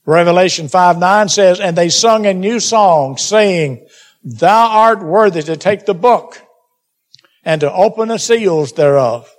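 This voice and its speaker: A man's voice: sits high, lively intonation, moderate pace. A man preaching a sermon, urging his listeners and calling them beloved, with scripture read aloud in King James wording. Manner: exhorting, addresses listeners as beloved.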